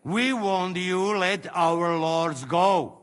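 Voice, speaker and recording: An actor playing a crude, wheedling mercenary who speaks broken English with a Slovak accent. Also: male voice, sits high, very slow, smooth, in a large hall. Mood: bargaining. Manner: broken English, coaxing, haggling.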